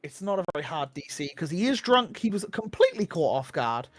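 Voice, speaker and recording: Casting: a high-voiced dungeon master, loose and chatty, with faint music behind. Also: male voice, very animated, fairly quick, no echo. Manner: casual, many fillers, laughing. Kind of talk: narrating a tabletop game.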